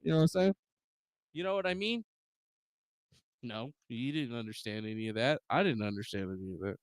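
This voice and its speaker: A man streaming from his home setup, ranting casually and profanely, swearing at his own software. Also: mid-range voice, expressive, fairly quick, no room sound. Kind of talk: casual livestream rant. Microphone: desk microphone with noise gate.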